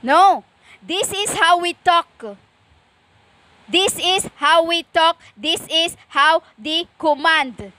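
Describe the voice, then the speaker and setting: Woman, stern lecturing preacher; very slow, halting delivery, bright tone. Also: very high-pitched, animated. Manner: stern and lecturing, slow with many pauses and fillers. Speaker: self-styled preacher. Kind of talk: impassioned spiritual monologue.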